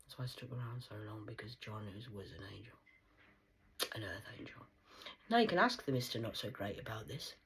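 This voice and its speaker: A woman delivering a rambling, profane monologue as a medium channelling spirit messages, swinging between loud outbursts and hushed whispers. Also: extremely low pitch, very animated, moderate pace, pauses often. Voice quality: very husky, breathy voice.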